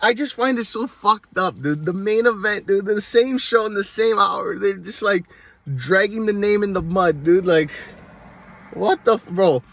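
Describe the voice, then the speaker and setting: A man's voice: sits high, unhurried, vocal fry, a bit bright, no room sound. A man hosting his own video show, delivering a heated, rambling rant full of constant swearing. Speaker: vlogger, show host. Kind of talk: profane comedic rant.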